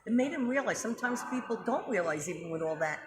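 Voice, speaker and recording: A woman's voice: on the high side, expressive, quick pace. A middle-aged woman hosting a casual religious commentary, talking emphatically and firing off rhetorical questions to check you're following. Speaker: host. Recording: echoey room with background noise.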